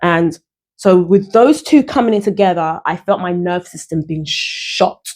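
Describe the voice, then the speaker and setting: A woman singer and vlogger, her voice lowish, expressive and a little mellow, speaks a little slowly in a casual, reflective monologue about her experiences. It's earnest, spiritual self-talk, searching and full of repeated, restarted phrases.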